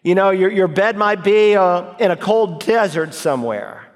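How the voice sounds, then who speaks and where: A middle-aged man preaching an expository sermon, emphatic and building to forceful exhortation. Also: sits high, lively intonation, normal speed, in a large hall.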